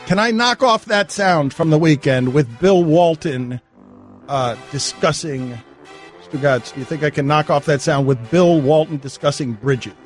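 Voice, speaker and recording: A middle-aged man hosting a sports radio show, riffing fast and breaking into giggles as he banters. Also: a little high, soft background music.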